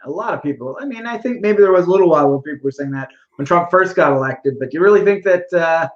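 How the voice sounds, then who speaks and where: A man's voice: a little high, expressive, fast, dull audio. A man co-hosting a podcast in casual chat, talkative and explaining at length. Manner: talkative, explaining, mock-quoting. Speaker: podcast co-host.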